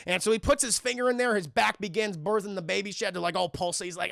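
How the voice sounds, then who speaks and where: High, gravelly, bright-voiced man streamer. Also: quick pace, few pauses, dry recording, clean studio sound. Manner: animated, profane, acts out characters. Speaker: streamer and film reviewer. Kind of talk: casual film recap to live chat.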